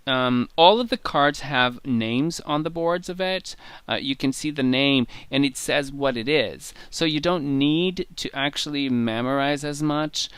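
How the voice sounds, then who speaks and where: Bright, enthusiastic man talking tarot. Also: medium pitch, measured pace, clear, resonant tone, no echo. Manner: enthusiastic and rambling. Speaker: guest tarot reader. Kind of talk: conversational show-and-tell interview.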